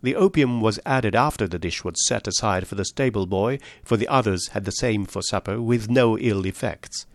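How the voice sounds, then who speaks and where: Man reading as a shrewd, measured detective. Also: fairly low pitch, no room sound, close to an everyday voice. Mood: explaining. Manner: measured, precise and explanatory. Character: shrewd male detective explaining his deductions. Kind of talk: audiobook reading of a story.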